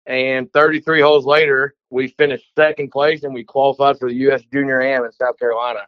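A man from Texas calling in with a story, talking in a chatty, sometimes rushed way in a casual voice message. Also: medium pitch, level tone, no echo, lo-fi sound.

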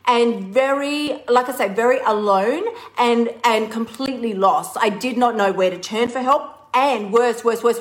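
On a rough-sounding livestream, a woman with a slightly high voice delivers a casual weight-loss pep talk. She's animated, laughs a lot, swears freely, and calls her listeners honey.

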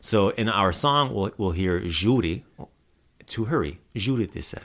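A man's voice: lowish voice, expressive, measured pace, fairly bright tone. A man hosting a casual podcast, patiently teaching Croatian words and repeating them for a listener to echo. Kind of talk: casual language lesson.

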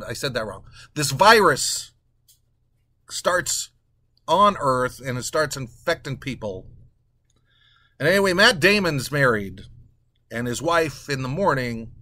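Bright-voiced man ranting sarcastically. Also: medium pitch, no echo. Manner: animated, crude, sarcastic movie ranting. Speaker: podcast host. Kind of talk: casual ranting monologue.

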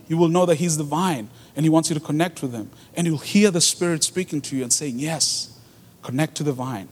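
A man preaching a sermon in an earnest way, repeating his key phrases for emphasis. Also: a little high. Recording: long hall reverb.

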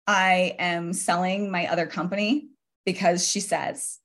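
A woman's voice: fairly low pitch, level tone, a little slow, a bit bright. A woman in her forties talking as a guest in a podcast interview, earnest and reflective, often laughing lightly. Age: 40s. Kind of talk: casual interview talk.

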